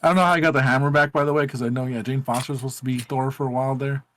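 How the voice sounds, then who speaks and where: A man's voice: medium pitch, steady tone, rapid-fire, a bit bright, slight background noise. A man co-hosting a gaming podcast in casual group chat, telling a rambling, profane story with many fillers.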